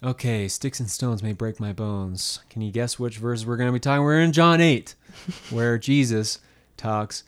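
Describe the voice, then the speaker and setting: Male podcast co-host, mid-range voice, casual animated storyteller who acts out quotes. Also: medium pitch, moderate pace, clean tone. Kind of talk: casual faith-based chat.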